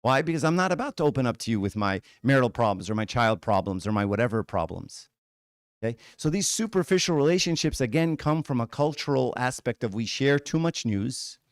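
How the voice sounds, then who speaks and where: A man's voice: mid-range voice, clear, resonant tone, no echo, clean studio sound. A man giving a conversational talk at church, frank and casual, often checking in with "right?" and "okay?". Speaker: church speaker.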